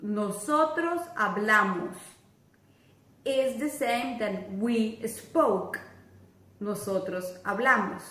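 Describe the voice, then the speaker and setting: A woman with a Latin American Spanish accent gives a patient language lesson, repeating each example slowly and carefully. Her voice sits a little high and her delivery is unhurried. The sound carries a noticeable room echo. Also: a bit bright. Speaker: Spanish teacher.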